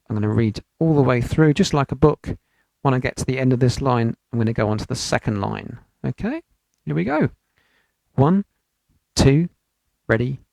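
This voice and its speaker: A British man's medium-pitched, darkish voice, marked by vocal fry, comes through a dry recording as he teaches an online piano lesson from his home studio. He chants rhythm syllables over the piano playing in the background and explains patiently, step by step.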